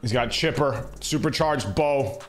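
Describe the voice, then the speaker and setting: A young man streaming a baseball video game, reacting in excitable, slangy commentary that swings between loud hype and low muttering. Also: measured pace, faint music behind. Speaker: gaming streamer. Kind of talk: live gameplay commentary.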